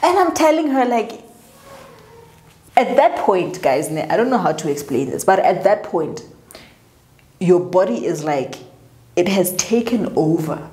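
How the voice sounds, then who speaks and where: A South African woman with a low, deep-set voice tells her story casually and with lively energy, slipping into the voices of the people she quotes. The room around her is noticeably echoey. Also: unhurried, long pauses. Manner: animated, chatty, acts out others' lines. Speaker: vlogger.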